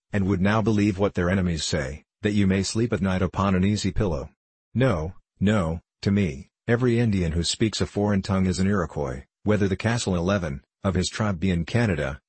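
A man's voice: deep voice, fairly quick, a little mellow, slightly rough, dry recording. A man reading the part of a blunt, stubborn veteran frontier scout who talks in plain old-fashioned backwoods speech.

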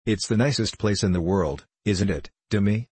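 A man's voice: fairly low pitch, normal speed, a little mellow, husky, dry recording. A man voicing a sweet, affable little girl who speaks eagerly.

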